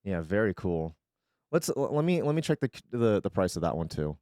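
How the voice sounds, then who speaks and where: Lively joking man opening card packs. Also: on the low side, a little fast, dry recording, clean studio sound. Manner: swears freely, stumbles over card names, jokey. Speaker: streamer. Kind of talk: casual chat while opening card packs.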